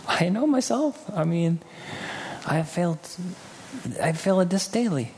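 A man's voice: on the high side, big pitch swings, measured pace, long pauses, a little mellow, slight background noise. A man preaching a sermon earnestly, acting out quoted people now and then, in a church hall. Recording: hall reverb with faint ambience.

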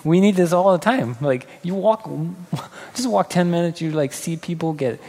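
A man's voice: high voice, animated, moderate pace, darkish tone. A man preaching a sermon earnestly, acting out quoted people now and then, in a church hall. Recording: hall reverb with faint ambience.

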